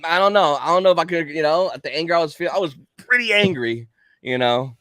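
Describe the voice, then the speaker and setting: A man telling a story in casual chat on a livestream, acting out the quotes in an animated way. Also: fairly high pitch, fast, dry recording. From Kentucky. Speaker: livestream guest.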